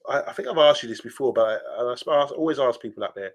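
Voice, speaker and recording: A man's voice: medium pitch, fast talker. A man co-hosting a casual podcast chat, telling rambling stories full of fillers. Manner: chatty storyteller, rambling with fillers. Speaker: podcast co-host.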